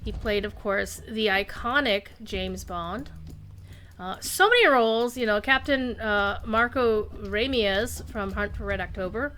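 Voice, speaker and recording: A woman's voice: mid-range voice, a little slow, a bit bright, slight background noise. A woman streaming a game live, chatting loosely with viewers and rambling between tasks. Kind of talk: casual live-stream chat while gaming.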